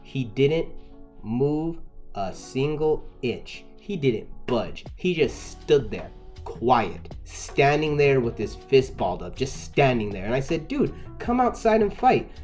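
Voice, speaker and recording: A man telling a casual story-time tale, repeating words and restarting often as he gets worked up and loud. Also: medium pitch, expressive, slow pace, soft background music. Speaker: storyteller recounting a personal incident.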